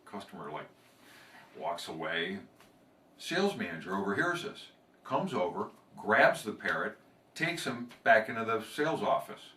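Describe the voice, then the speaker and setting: Low-voiced man telling a joke. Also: animated, normal speed, sharp tone. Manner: loose, conversational storytelling. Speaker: sales trainer telling a joke. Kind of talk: casual joke-telling, then promo pitch. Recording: roomy, off-mic from a distance.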